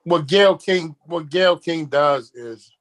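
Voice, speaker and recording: A man chats casually. His voice sits high, and he tells streetwise stories, often repeating words as he gets going. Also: a little slow, low-quality recording. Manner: streetwise storyteller, repeats words when starting. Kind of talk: casual chat.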